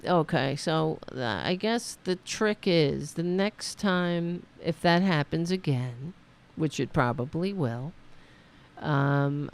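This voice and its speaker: A woman's voice: low-pitched, vocal fry. A woman hosting a political livestream from home, chatting casually to her viewers in a profane, rambling way. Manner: profane, rambling, talks to her audience directly. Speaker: host of a political talk livestream.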